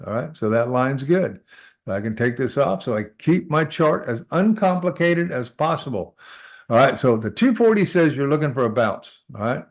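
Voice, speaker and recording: Gravelly man teaching a live trading lesson. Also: mid-range voice, expressive, moderate pace. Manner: talks through charts aloud, repeats "all right?" to check in; repeats short phrases while working. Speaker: trading instructor.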